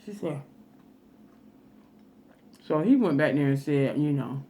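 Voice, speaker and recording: A woman's voice: deep voice, lively intonation, slow pace, pauses often, warm tone. A woman food vlogger telling a funny story in a chatty, folksy way while eating, with laughing asides.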